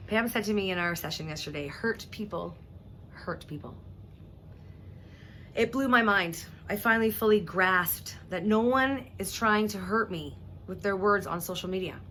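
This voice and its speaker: Emotional woman talking to her followers, heartfelt and halting, faint hiss behind. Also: medium pitch, a bit bright. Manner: earnest, heartfelt, halting with restarts and throat-clearing. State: emotional, near tears. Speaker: vlogger. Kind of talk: emotional personal address to viewers.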